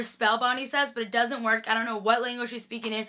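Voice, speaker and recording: Young woman rambling through a show recap, chatty and gushy, kinda high bright voice. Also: level tone, fast talker. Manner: gushing, chatty, lots of "like". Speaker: TV recap vlogger. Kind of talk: casual TV episode recap.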